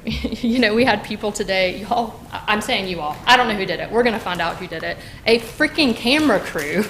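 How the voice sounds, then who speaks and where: A woman's voice: lowish voice, fairly bright tone, a little hiss or hum. A woman giving heated public comment at a city council meeting, with many fillers and restarts as she addresses the council directly. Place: council chamber.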